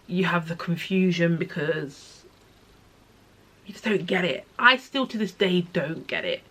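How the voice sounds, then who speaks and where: A young adult woman talking to camera about personal grief, soft and halting, often sinking to a near-whisper. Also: fairly low pitch, lively intonation. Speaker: vlogger sharing personal experience.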